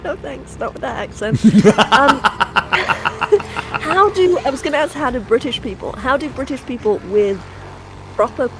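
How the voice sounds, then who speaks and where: A woman's voice: sits high, animated, unhurried, background noise. A woman co-hosting a game stream, reading viewer comments aloud and laughing often in casual chat. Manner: giggly, playful, reads comments aloud.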